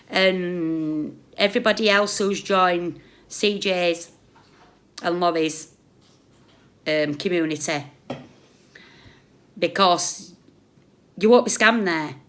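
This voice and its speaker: A British woman with a fairly low voice rants on a live stream, scolding someone directly. She is blunt and sarcastic and swings between raised outbursts and muttered asides. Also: slow pace, long pauses, a bit bright. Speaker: YouTube commentator. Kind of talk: ranting live-stream commentary.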